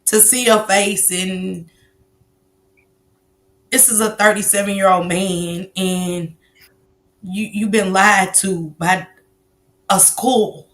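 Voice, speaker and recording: A woman hosting a live-stream interview, speaking gently and encouragingly to her guest. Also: medium pitch, steady tone, takes it slowly, long pauses. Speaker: host.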